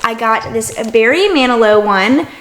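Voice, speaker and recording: A woman's voice: a little high, lively intonation, moderate pace, a bit bright, a little hiss or hum. A young woman, chatting enthusiastically to camera as a vlogger. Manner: chatty and enthusiastic, gushing over finds. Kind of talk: casual vlog chat.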